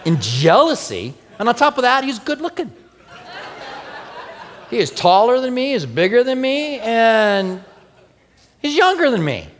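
Animated pastor preaching in a reverberant hall. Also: male voice, very high-pitched, unhurried, long pauses, a little hiss or hum. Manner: animated storytelling, acts out quoted prayers softly. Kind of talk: sermon.

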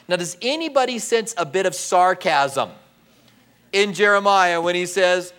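Male pastor, middle-aged, lively conversational sermon delivery, a little high-pitched. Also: unhurried, smooth. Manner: conversational, animated Bible teaching with fillers.

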